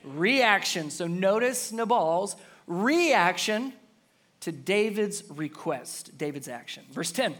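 Man preaching, highish voice, leans hard on a refrain. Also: animated, takes it slowly. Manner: emphatic, repeats a refrain, calls listeners to say it back. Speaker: pastor. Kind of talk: sermon.

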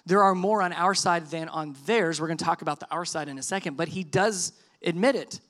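Bright, high-voiced preaching man. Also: brisk. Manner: conversational, animated preaching with quoted dialogue. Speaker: pastor. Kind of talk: sermon.

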